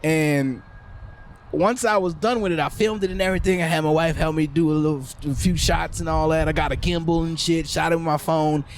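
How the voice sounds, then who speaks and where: A man with a high voice hosts a loose, casual podcast chat. He laughs easily and stumbles into repeated words as he searches for what to say. A faint noise sits under the recording. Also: fairly even intonation, fairly quick. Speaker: podcast host.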